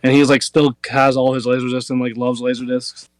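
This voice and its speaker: A man's voice: mid-range voice, flat delivery, a little fast, no echo. A man hosting a podcast, telling stories in a rambling casual way with lots of filler words. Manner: rambling storyteller, many "like" fillers. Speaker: podcast host. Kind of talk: casual chat.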